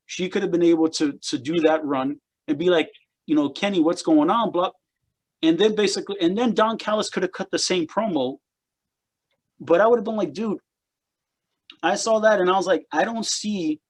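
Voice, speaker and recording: A man co-hosting a casual wrestling chat podcast, rambling and repeating words as he picks apart what he watched. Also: a little high. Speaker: podcast co-host.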